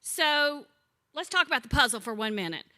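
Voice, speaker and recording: A woman in her sixties leads a Bible study, her voice bright and forward and set fairly high. She teaches in a chatty way, telling funny stories and putting questions to the group. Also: lively intonation, normal speed. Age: 60s. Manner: chatty, warm-humored storyteller who asks the group questions. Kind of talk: conversational teaching with humorous stories.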